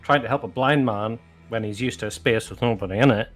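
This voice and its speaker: A man's voice: mid-range voice, a little fast, faint music behind. A man playing a tabletop game who describes his character casually, laughing often and swearing freely. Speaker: player.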